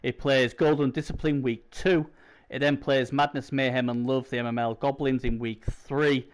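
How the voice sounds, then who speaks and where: A man's voice: medium pitch, level tone, normal speed, clear, resonant tone. A man co-hosting a casual gaming league chat, rambling with many fillers and restarts. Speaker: co-host.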